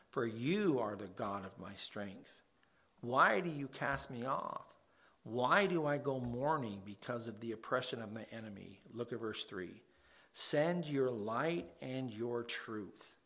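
A man preaching a sermon, reading scripture slowly and then explaining it in a plain conversational way. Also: mid-range voice, gravelly, fairly bright tone.

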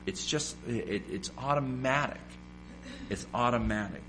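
A man's voice: medium pitch, a little slow, over music. A man preaching a sermon, emphatic and repetitive, firing off rhetorical questions.

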